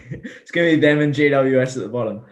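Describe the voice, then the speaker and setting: A man's voice: medium pitch, fairly quick, dull audio. A young man co-hosting a casual sports podcast, giggly and playful as he quizzes his friend. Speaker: podcast co-host.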